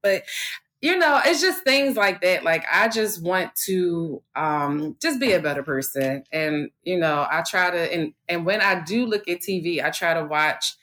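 Woman, thirties, slightly low voice, candid, swears freely, rambling casual chat. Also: animated, unhurried, a bit bright. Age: 30s. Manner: candid, profane, rambling with many fillers.

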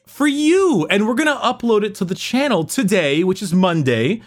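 A man's voice: sits high, very animated, moderate pace. A man co-hosting a podcast in casual chat, rambling, swearing freely and saying "like" a lot. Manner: rambling, swears, heavy use of "like". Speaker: podcast co-host.

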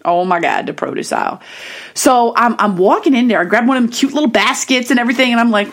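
A woman's voice: fairly high pitch, quick pace. A woman in her thirties vlogging casually to camera, telling a chatty story and giving upbeat, motivational pep talk. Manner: animated, chatty storytelling with acted-out self quotes.

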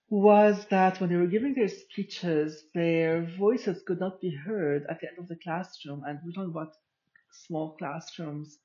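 A woman hosting a podcast, talking through her views in a slow, reflective solo monologue with frequent pauses. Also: lowish voice, mellow, dull audio. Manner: slow and deliberate, explaining with pauses. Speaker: podcast host.

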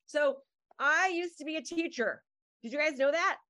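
A middle-aged woman coaching a live webinar on a video call, upbeat and fast-talking, calling out names from the chat. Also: high-pitched, bright, forceful tone. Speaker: marketing coach.

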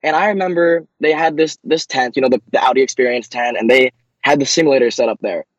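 A young man, a racing driver, answering interview questions eagerly, with many quick restarts. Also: mid-range voice, dry recording, lo-fi sound.

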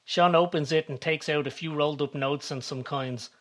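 Brief: calm male narrator, measured storytelling, voice a touch high. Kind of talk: scripted narration.

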